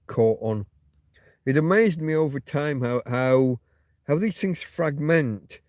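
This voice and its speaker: A man's voice: mid-range voice, a little mellow, no echo, studio quality. A man hosting a casual, rambling livestream who rants and swears freely, repeating and restarting his words as he reads viewer comments. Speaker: livestream host.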